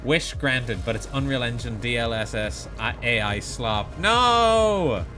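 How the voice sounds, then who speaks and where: Sarcastic man streaming a game, bright voice. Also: mid-range voice, fairly even intonation, normal speed, faint music behind. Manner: sarcastic, self-mocking, dramatic outbursts. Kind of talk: live gaming commentary.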